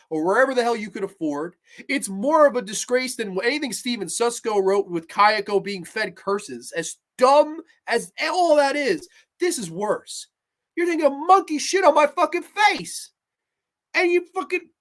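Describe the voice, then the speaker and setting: High pitched lady ranting about a horror movie, sarcastic and swearing a lot. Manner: exasperated, sarcastic, swears heavily. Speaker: horror review host. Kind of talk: profane ranting film review.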